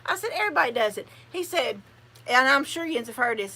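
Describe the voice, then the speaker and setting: A woman's voice: high-pitched, very animated, normal speed, bright, forceful tone. An older woman, chatting casually on a livestream in a rambling, folksy way. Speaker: channel host.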